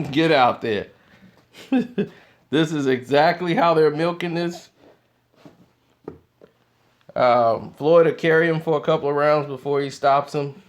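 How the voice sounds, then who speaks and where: A man hosting his own commentary channel, talking in an animated, argumentative way and laughing often. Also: a little high, a little slow, pauses often. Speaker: boxing commentary channel host. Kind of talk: opinionated casual commentary.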